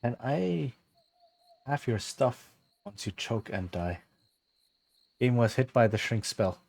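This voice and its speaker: A man's voice: medium pitch, lively intonation, takes it slowly, creaky, darkish tone, no room sound. A man streaming a game, tired and yawning, thinking aloud and joking casually. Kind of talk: casual gameplay commentary.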